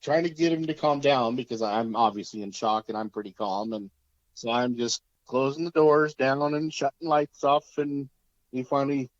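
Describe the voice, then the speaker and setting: A man's voice: medium pitch, normal speed, dry recording. Easygoing man telling a shop story. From Oregon, USA. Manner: easygoing, laughs through a rough story. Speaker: podcast guest. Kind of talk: casual storytelling. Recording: dull lo-fi sound.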